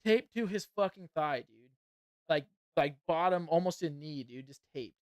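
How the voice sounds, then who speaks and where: A man's voice: fairly high pitch, moderate pace, smooth, no echo, studio quality. Young man telling a rowdy story. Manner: profane, laughing, excited storyteller. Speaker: podcast host. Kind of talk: casual storytelling and fight commentary.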